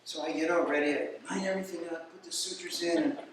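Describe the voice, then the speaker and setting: Stand-up comic, man with a high voice, storytelling, heard from afar in a boomy room. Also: quick pace, noisy background. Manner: storytelling, animated voices for quoted people. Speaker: stand-up comedian. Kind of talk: stand-up comedy routine. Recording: echoey room, mic far off.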